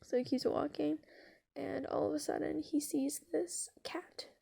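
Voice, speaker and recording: A woman spins an improvised story in a loose, rambling way, peppered with fillers and curse words. Her voice sits high with a mellow, dark tone and a strong gravelly fry. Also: little pitch movement, a little slow. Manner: rambling, filler-heavy, swearing, giggly.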